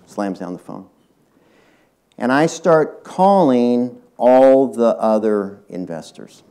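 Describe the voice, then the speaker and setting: Mellow-voiced older man telling a story. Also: medium pitch, lively intonation, takes it slowly, smooth. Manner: anecdotal, addresses the audience directly. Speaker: guest speaker, retired tech executive. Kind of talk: storytelling public talk. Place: university lecture hall.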